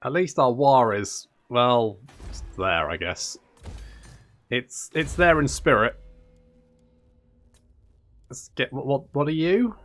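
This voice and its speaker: Male let's-play host, bright and lively, unhurried, prone to sweary outbursts. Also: medium pitch. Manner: excitable, swears freely, exasperated outbursts. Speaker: gaming channel host. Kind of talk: strategy game let's play commentary.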